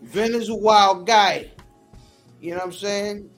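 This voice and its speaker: High-pitched, playful joking man. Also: steady tone, fairly bright tone, soft background music. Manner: playful joker, quick jabs. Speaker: podcast co-host. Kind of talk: casual chat.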